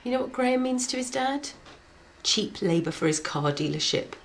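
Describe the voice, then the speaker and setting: A woman's voice: on the high side, expressive, normal speed, slight background noise. An actress playing a woman who defends her troubled relationship earnestly in a TV drama. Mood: defensive. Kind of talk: TV drama acting.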